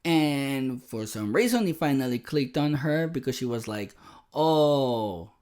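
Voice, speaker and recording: A man hosting a podcast, telling a personal story in an animated, self-deprecating way. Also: medium pitch, moderate pace. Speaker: podcast host. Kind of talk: casual storytelling monologue.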